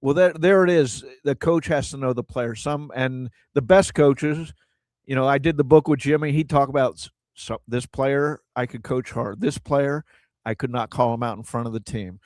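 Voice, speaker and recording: A man's voice: mid-range voice, normal speed, darkish tone, no room sound. A middle-aged man co-hosting a sports talk radio show, chatty and often repeating words as he finds his point.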